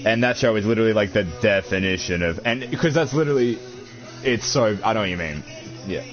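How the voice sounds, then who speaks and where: A man's voice: fairly low pitch, expressive, a little fast. A young man, chatting casually and crudely while unboxing, swearing a lot and calling everyone dude and bro. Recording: dull lo-fi audio with faint music.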